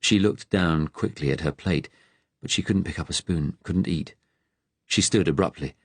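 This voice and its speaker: Deep low guy reading an audiobook, steady and measured, dry close mic. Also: breathy edge, no room sound. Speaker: audiobook narrator. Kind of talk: scripted audiobook narration.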